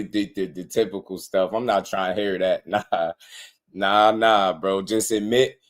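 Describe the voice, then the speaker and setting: Low-voiced man hosting a laughing boxing stream. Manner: laughing often, slangy and excitable. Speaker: boxing livestream host. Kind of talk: casual livestream chat.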